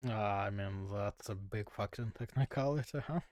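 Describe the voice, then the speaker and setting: A man's voice: lowish voice, normal speed, darkish tone. A man streaming live, reacting to a video with casual, laid-back asides and the odd swear word.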